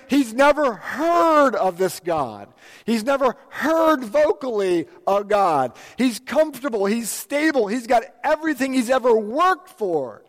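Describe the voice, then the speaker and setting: A man preaching a sermon in a church, telling a story with amused, chatty energy. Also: high-pitched. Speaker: pastor. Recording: long hall reverb.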